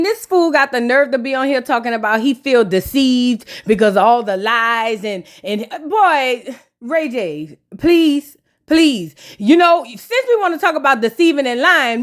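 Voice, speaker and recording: Sassy high-voiced woman recapping TV. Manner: sassy, scolding, talks straight to the people on screen. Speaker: reality TV recap host. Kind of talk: casual reaction commentary.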